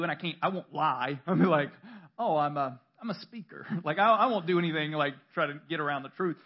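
A man with a high voice delivers a sermon in a church. His style is conversational and self-deprecating, with stories, restarts and laughter. The recording is dull and lo-fi. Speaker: pastor.

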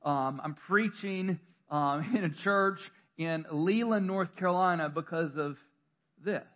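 A man's voice: on the high side, measured pace, lo-fi sound. A male pastor preaching a sermon in a church, talking conversationally with self-deprecating stories, restarts and laughter.

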